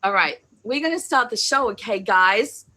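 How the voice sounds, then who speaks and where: A woman co-hosting a live-stream chat show, calmly explaining the rules and reading out the questions. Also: on the high side, normal speed, a crowd in the background, low-quality recording. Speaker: co-host and moderator.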